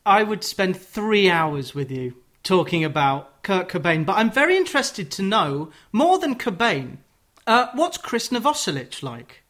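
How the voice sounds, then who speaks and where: A man hosting a casual radio interview, chatty and cutting in with quick questions. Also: high voice, sing-song, fairly bright tone. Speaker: radio show host.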